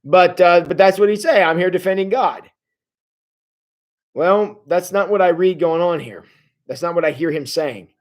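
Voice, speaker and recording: A man's voice: high-pitched, normal speed. Folksy fortysomething man teaching scripture. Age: 40s. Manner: folksy, conversational, with frequent filler sounds. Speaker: Bible study teacher. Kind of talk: casual livestream Bible study. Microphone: livestream setup.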